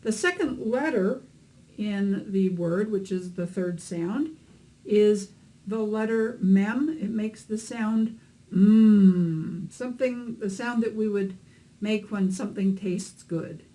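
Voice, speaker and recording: A woman's voice: medium pitch, takes it slowly, warm tone, rough recording. A woman teaching beginners to read Hebrew, explaining letters and vowels patiently with a few fillers. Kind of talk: instructional lesson narration.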